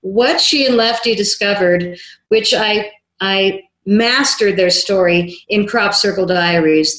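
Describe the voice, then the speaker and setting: A woman filmmaker, a guest on an interview show, telling a story in a lively way and acting out the dialogue she quotes. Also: medium pitch. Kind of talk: animated anecdotal storytelling. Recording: roomy echo.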